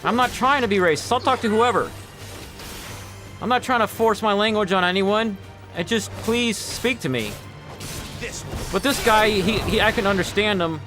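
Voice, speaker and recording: A man streaming a game while telling a long, rambling story in casual chat, with quick asides to his viewers. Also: sits high. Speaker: gaming streamer. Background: faint game music.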